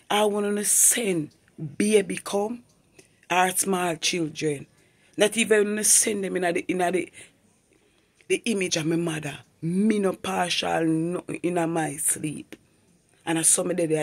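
Man, testimony vlog, earnest and repetitive, husky and a bit high. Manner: earnest, repetitive storytelling in creole-inflected English. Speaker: vlogger. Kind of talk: personal testimony.

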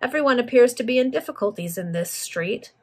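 A woman voicing a dignified male gentleman politician in a storybook reading, speaking formally in a slightly husky voice. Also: a little high, expressive, a little fast. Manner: formal, proper speech.

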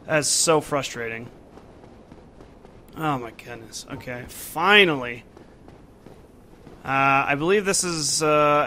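A young man commenting on his own gameplay, talking to himself and swearing often when frustrated. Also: on the high side. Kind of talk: let's play commentary. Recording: steady noise behind the voice.

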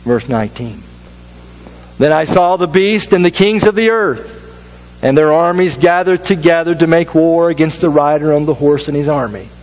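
Man, pastor, sermon, emphatic, repeats phrases, slightly high pitch, hushed solemn drops. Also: normal speed, rough recording.

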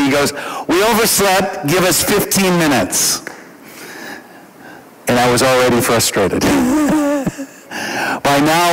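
A middle-aged man from New Jersey preaching a sermon, telling a story and acting out his own prayers in a raised, lively voice. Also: on the high side, rough recording. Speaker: pastor. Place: church conference hall.

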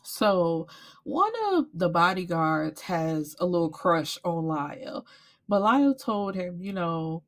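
Woman book reviewer, casual recap, blunt and profane, lowish voice, animated. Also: slow pace.

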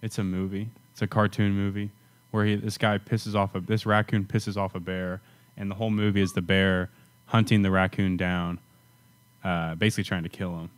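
A man's voice: low-pitched, flat delivery, normal speed. A man on a comedy podcast in casual chat, explaining his points earnestly and matter-of-factly.

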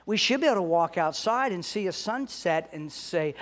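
A man with a notably high voice delivers a Sunday sermon as a pastor. He preaches earnestly, slowing down and lifting his voice to drive home each point. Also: expressive, fairly bright tone. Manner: earnest preaching, slows and rises for emphasis.

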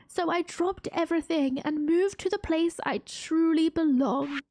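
Woman reading as a gentle old grandfather. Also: very high voice, a little slow, dry recording, pitched above the performer's own voice. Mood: tender. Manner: gentle, heartfelt letter reading. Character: warm elderly grandfather writing a farewell letter.

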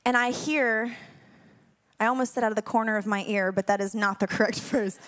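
A woman's voice: a little high, fairly even intonation. A young woman leading a spoken prayer and then telling a personal story to a congregation, chatty and candid, laughing often. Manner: hushed and slow in prayer. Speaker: worship leader speaking to a congregation.

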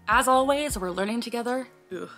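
A woman's voice: on the high side, brisk, fairly bright tone, soft background music. A woman talking casually to camera as a vlogger, earnestly explaining, often breaking off with sudden blurted words and sighs.

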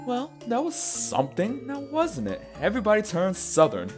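A man's voice: high-pitched, wildly swooping pitch, normal speed, music in the background. A man casually commenting on a game he is playing, chatty and self-mocking. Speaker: let's-play narrator.

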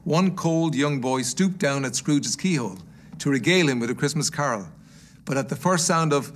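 A man reading a classic story aloud in a measured storytelling manner. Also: medium pitch, animated. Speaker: guest reader.

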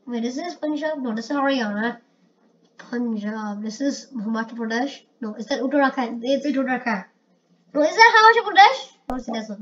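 A woman giving casual gameplay commentary, excitable and prone to loud exclamations. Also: on the high side. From India. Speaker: gamer. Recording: muffled lo-fi recording with faint hiss.

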